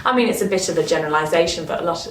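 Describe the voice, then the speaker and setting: A Northern English woman, an actress being interviewed, who talks with animated enthusiasm and often restarts her sentences. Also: fairly low pitch, racing. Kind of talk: casual interview chat. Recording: roomy, distant mic with faint noise.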